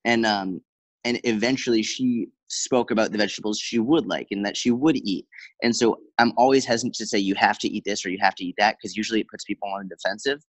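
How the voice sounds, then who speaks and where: A man's voice: fairly low pitch, no room sound, rough recording. A man, a fitness coach, talking casually in an interview, telling stories with quoted dialogue and lots of fillers. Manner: fast, animated storyteller with many fillers and quoted dialogue. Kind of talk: conversational interview.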